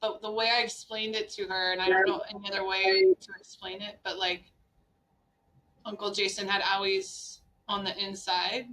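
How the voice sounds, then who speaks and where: A woman's voice: medium pitch, level tone, moderate pace, a bit bright, recorded from a distance, low-quality recording. A woman in her forties speaking frankly as a podcast guest, in a conversational way with frequent "like" and "right?". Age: 40s.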